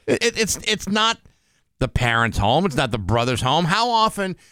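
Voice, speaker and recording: A man co-hosting a morning radio show, weighing in with blunt opinions. His voice is fairly high, smooth and expressive. He stumbles over his words when he gets worked up. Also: moderate pace, no room sound, studio quality. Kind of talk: casual studio chat. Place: radio studio.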